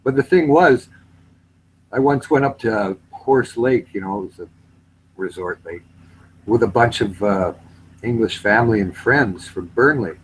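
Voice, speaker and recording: A man's voice: on the low side, a little slow, pauses often, slight background noise, poor audio. A man from Canada in a casual voice chat, telling stories with a laugh and slipping into other accents. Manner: animated, puts on British accents while retelling, laughs often.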